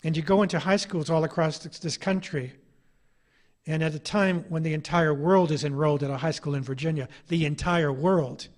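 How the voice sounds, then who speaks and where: A man's voice: a little high, steady tone, normal speed. A middle-aged man, an author giving an anecdotal public lecture, telling his stories with a wry, ironic edge.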